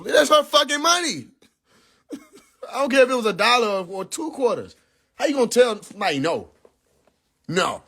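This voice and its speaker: A young man rants on a casual livestream. His voice sits very high, and his pitch swoops up and down as he talks. He sounds incredulous and profane, and he laughs between lines. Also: sing-song, normal speed, long pauses, a bit bright, slightly rough. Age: young adult. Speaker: livestream host. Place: in a car.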